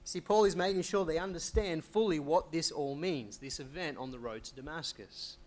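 A man preaching an expository sermon, reading scripture aloud and asking questions he then answers. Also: on the high side. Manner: explains, asks rhetorical questions and answers them; reads scripture aloud in old wording. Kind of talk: expository Bible teaching.

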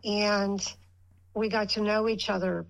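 Older woman, radio guest, rambling storyteller, acts out dialogue, mid-pitched. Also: steady tone, measured pace, gravelly, poor audio. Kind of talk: casual storytelling.

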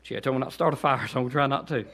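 A man with a Southern accent preaching a guest sermon in a church, dropping to quiet asides and then rising into loud, pleading exhortation. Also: very fast. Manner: swings from low conversational asides to high shouted pleading. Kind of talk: Baptist sermon. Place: church sanctuary.

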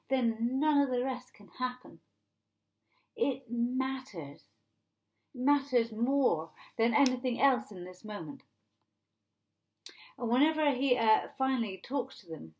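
A woman pastor preaching a sermon in a conversational, animated way, retelling scripture like a story. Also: fairly high pitch.

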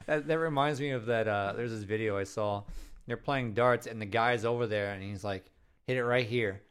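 A man's voice: lowish voice, normal speed, clean tone. Teasing, laughing man in casual chat. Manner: teasing, laughs often, acts out quotes.

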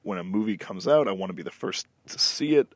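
Profane, animated man telling a story. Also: lowish voice, fast talker, no echo, clean studio sound. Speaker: podcast host. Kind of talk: casual chat.

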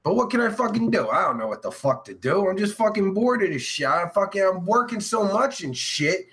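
A man's voice: high-pitched, very animated, brisk. A man hosting a crude podcast with a stuffy nose, swearing constantly and joking as he reads viewer comments. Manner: profane, loud, jokey, swings between shouting and mumbling. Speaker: podcast host. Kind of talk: crude casual chat reading viewer comments.

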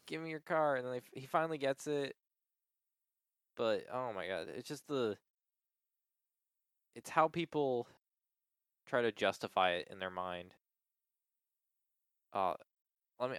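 Low, smooth-voiced man telling stories. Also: unhurried, pauses often, no room sound, studio quality. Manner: animated storyteller, acts out quoted people in high voices, heavy use of "like". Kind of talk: casual chat.

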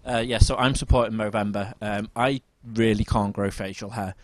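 A man's voice: fairly low pitch, fairly even intonation, normal speed, dry recording. Chatty young man. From United Kingdom. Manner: chatty, rambling, self-mocking, lots of ums. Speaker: podcast co-host. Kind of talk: casual chat.

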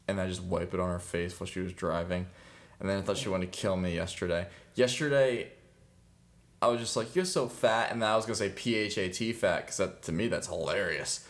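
A young man chatting casually as a podcast co-host, rambling with lots of fillers and frequent laughs. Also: low voice. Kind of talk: casual chat.

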